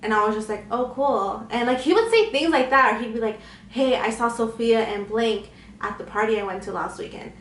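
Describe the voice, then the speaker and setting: A woman's voice: a little high, brisk, fairly bright tone, a little hiss or hum. A young woman telling a personal story in a candid, chatty way, acting out what others said. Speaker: vlogger. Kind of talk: casual storytime chat. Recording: echoey room, faint ambience.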